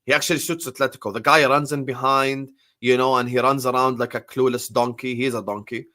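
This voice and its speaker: A young man rants about football to a live chat, repetitive and theatrical. He swings into mock pleading and sudden loud outbursts at a middle pitch. The sound is close and dry, with no room in it. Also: steady tone, a little fast, no room sound. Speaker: football channel host. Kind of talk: animated solo football rant to a live chat.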